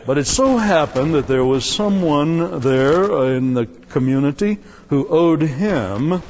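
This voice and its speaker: A man's voice: a little high, takes it slowly, few pauses, a little hiss or hum. A man preaching a sermon with humor, telling a story and acting out the voices. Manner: animated, jokey, acts out voices. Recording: dull sound, long hall reverb.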